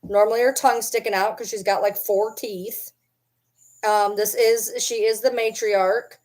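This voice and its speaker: A woman's voice: medium pitch, fairly even intonation, unhurried, a little mellow. A woman vlogger chatting casually to the camera and teasing her pet dog in doting baby talk.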